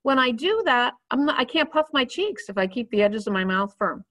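A woman's voice: on the high side, animated, a little fast, fairly bright tone. Patient woman teaching clarinet. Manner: patient, instructive, demonstrating as she talks. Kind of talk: step-by-step music lesson.

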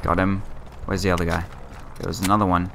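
A man's voice: deep voice, flat delivery, fast, gravelly, very noisy. A man casually commenting on his own gameplay, muttering reactions and exclamations. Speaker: gamer. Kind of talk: casual let's play commentary. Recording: game audio with gunfire. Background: game gunfire.

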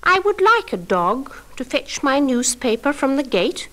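A woman voicing a kindly, lonely little old lady in a children's story record, speaking gently and contentedly. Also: high voice, very animated, unhurried, voice pushed up, exaggerated voice. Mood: polite.

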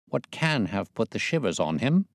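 A man voicing a sharp, calm detective who asks quiet, clipped questions. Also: fairly low pitch, moderate pace, no room sound, studio quality, pitched above the performer's own voice. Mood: hushed.

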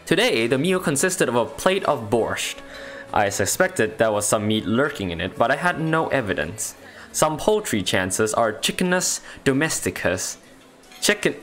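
A man reads a visual novel aloud for a playthrough, narrating in a playful mock Russian accent. His voice moves lively up and down, and he breaks off for wry jokes, with faint music behind. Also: medium pitch, moderate pace. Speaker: let's play host.

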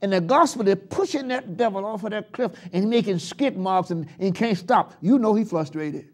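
A man preaching a live church sermon, swinging from loud shouts down to hushed murmurs and leading the congregation in call-and-response chants. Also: high voice, moderate pace. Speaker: pastor. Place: church sanctuary.

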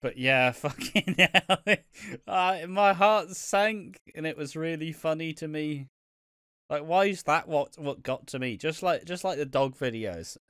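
A man's voice: on the high side, a little slow, a bit bright, clean tone, dry recording, clean studio sound. A young man co-hosting a casual podcast, swearing often and laughing as he rambles about a soap. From Britain. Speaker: podcast co-host. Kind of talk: casual chat.

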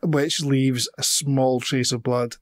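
A man's voice: medium pitch, steady tone, slow pace. A man co-hosting a casual horror film podcast, rambling and swearing as he chats. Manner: rambling, swears, laughs often. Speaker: podcast co-host. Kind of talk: casual film review chat.

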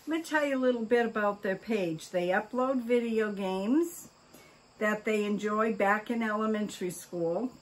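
Opening fan mail for her vlog, this older woman speaks at a medium pitch and a moderate pace. Her casual chatter is full of oohs, gasps and cries of delight.

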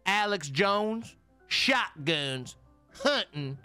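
A man streaming a video game, talking casually in an excitable, profane way with frequent laughter. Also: high-pitched, extremely slow, clean tone, soft background music. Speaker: gaming streamer. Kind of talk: casual gameplay commentary.

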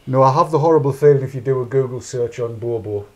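A man's voice: mid-range voice, fast talker. A middle-aged man, hosting a casual chat show in a rambling, chatty way and narrating his own actions aloud. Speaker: podcast host.

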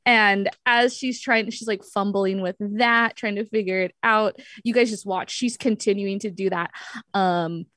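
A woman's voice: mid-range voice, steady tone, a little slow, a bit bright, dry recording. A woman narrating a tabletop game as game master, casual and full of fillers.

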